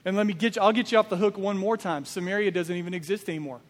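A man's voice: high voice, fairly even intonation, very fast, long reverb tail. A man preaching a sermon as pastor, emphatic and full of rhetorical questions.

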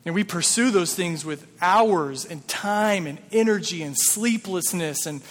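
This male pastor speaks in a high voice at a measured pace, preaching a sermon to his congregation. His delivery is conversational and full of rhetorical questions, recorded in a reverberant church sanctuary.

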